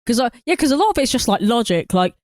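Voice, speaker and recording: A woman co-hosting a movie podcast, animated and quick to laugh as she gives exasperated takes on a film. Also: on the high side, no room sound, clean studio sound. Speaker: podcast co-host. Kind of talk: casual movie review chat.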